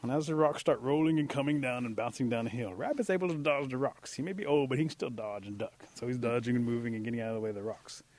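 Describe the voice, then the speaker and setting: A man telling an animal folk tale in a lively oral style, with repetition and spoken sound effects. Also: mid-range voice, fast talker, few pauses. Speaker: storyteller.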